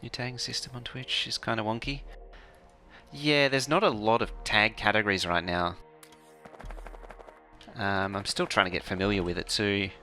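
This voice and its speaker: Man, game streamer, very low pitch, crisp bright tone, relaxed muttering, faint background music. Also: moderate pace, pauses often. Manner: relaxed, muttering to himself while playing; makes playful mouth sound effects. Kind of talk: casual live-stream commentary.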